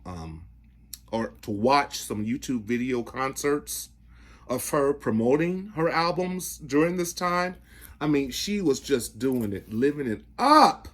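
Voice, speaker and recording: Slow, animated man chatting about records. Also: slightly rough. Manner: excitable, breaks into falsetto singing; chatty, addresses viewers directly. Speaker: record collector host. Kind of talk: casual vinyl show-and-tell.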